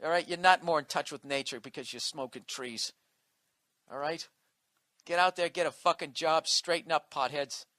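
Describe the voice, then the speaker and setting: A man's voice: a little high, normal speed, pushed and bright, no echo. A man doing a profane comic rant with mocking asides. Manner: profane ranting, mocking impressions. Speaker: comedian. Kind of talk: podcast rant.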